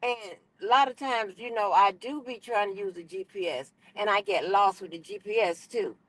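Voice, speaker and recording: A middle-aged woman, telling a story as an animated, profane, exasperated rant on her stream. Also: mid-range voice, normal speed, low-quality recording.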